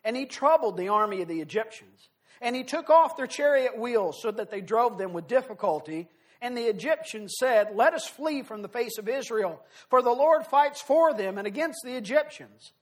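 High-voiced man preaching a sermon. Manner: earnest, emphatic, slows and swells on key phrases. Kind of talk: sermon with scripture reading.

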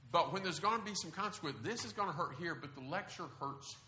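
A middle-aged man preaching a sermon, telling stories in an animated way with sudden loud bursts. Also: a little high, quick pace, a little hiss or hum. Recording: echoey room.

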